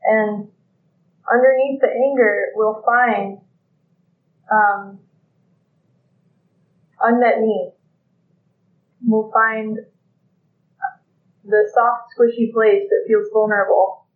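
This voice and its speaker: A teacher giving a thoughtful, halting lecture with many pauses and fillers. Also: mid-range voice, fairly even intonation. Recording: echoey, phone-like lo-fi with faint noise.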